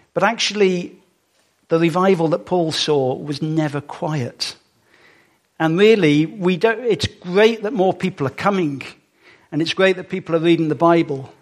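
A man giving a sermon in a conversational way, with fillers and small asides to the congregation. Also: on the high side. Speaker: preacher.

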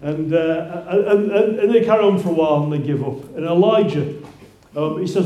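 Higher-voiced man preaching in an echoey church. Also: fairly quick, mellow. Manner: conversational, with many restarts and rising exclaims. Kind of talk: sermon. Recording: roomy echo.

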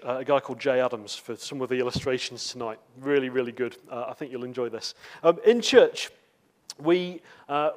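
A man preaching in a church with a slightly raised voice. He speaks in a loose, chatty way, full of asides and little fillers as he addresses the congregation. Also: fairly high pitch. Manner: conversational, with frequent fillers and asides. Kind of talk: sermon.

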